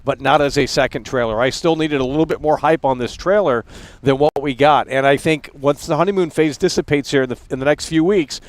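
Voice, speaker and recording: Profane, ranting man with a high voice. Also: brisk, no room sound. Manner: scornful, mocking laughter. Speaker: live stream talk show host. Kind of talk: unscripted live stream rant.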